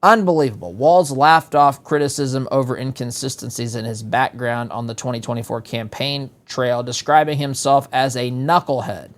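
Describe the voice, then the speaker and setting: A man's voice: medium pitch, steady tone, moderate pace, hardly any pauses. A man hosting a political talk show, commenting in a sarcastic, exasperated way. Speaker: talk radio host.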